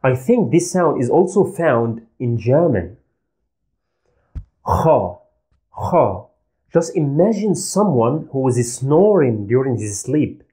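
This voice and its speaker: A man's voice: medium pitch, expressive, unhurried, few pauses, mellow. A man teaching letters and their sounds, patiently repeating each sound for learners. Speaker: Arabic language teacher. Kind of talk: slow, deliberate pronunciation lesson.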